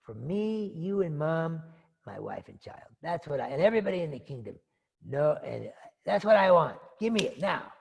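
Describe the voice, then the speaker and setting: A man's voice: on the high side, very animated, normal speed, gravelly, warm tone, big-room sound, slight background noise. A man voicing a troubled young prince in a retold story, speaking in a plain, earnest way close to his own voice. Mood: demanding.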